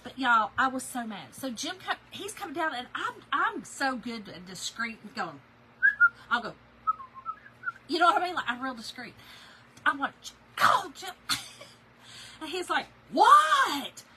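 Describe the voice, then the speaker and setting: A woman's voice: sits high, sing-song, moderate pace, very noisy. A woman, chatting and laughing as she tells a story to her viewers while working on a craft project. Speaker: craft video host.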